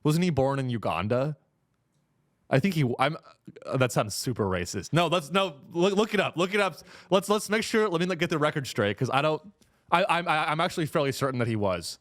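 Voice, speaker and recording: A man hosting a comedy podcast, ranting in an animated way and keeps slipping into mocking impressions of other people. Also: fairly high pitch, brisk.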